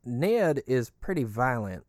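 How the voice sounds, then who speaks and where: A man's voice: very animated, takes it slowly, darkish tone, dry recording, clean studio sound. A man playing a rambling, easygoing male resident living inside a giant creature, chatty and crude. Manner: chatty, crude, swinging pitch.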